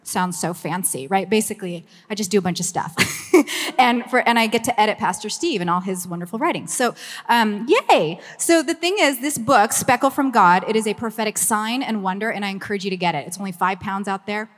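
A woman's voice: mid-range voice, animated, fairly quick. A woman in her fifties with a Southern Californian Valley Girl accent, talking chattily and effusively to a church gathering and then praying. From Los Angeles, USA. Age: 50s. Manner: bubbly, effusive, chatty with frequent "like". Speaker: ministry communications director. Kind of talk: church meeting talk and prayer. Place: church meeting room. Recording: long reverb of a hall.

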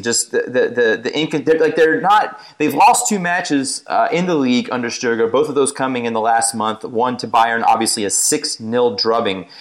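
A man hosting a casual football podcast, asking his guests halting questions. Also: medium pitch, fairly bright tone. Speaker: podcast host.

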